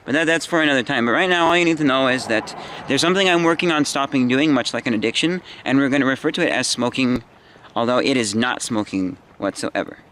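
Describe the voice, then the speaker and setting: A tired young man in his twenties rambles through a personal story, stopping and restarting often. His voice sits at an ordinary pitch, with faint traffic noise outside behind him. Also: fairly bright tone. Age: 20s. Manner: halting, meandering, many restarts and fillers. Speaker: vlogger.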